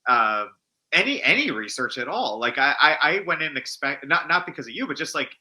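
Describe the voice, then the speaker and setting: A man being interviewed on a podcast, speaking in a halting, hesitant way. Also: on the high side, animated, pushed and bright, poor audio. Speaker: interview guest. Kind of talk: casual interview chat.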